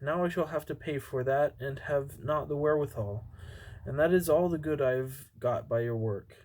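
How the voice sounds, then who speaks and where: A man's voice: a little high, normal speed, a little mellow, slight background noise, natural voice. A grumbling old woodcutter father, read by a man. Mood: scolding. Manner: read plainly with stumbles and restarts.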